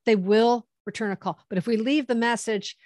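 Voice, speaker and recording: Lively woman storyteller, dry close sound. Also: a little high, normal speed, dry recording. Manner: animated, acts out quoted dialogue. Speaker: government contracting consultant. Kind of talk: conversational storytelling.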